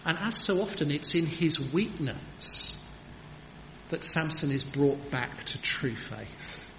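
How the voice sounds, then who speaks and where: A man's voice: on the high side, animated, slow, bright, forceful tone. A man preaching a sermon in an earnest, emphatic manner, with rhetorical questions. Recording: long hall reverb, faint background noise.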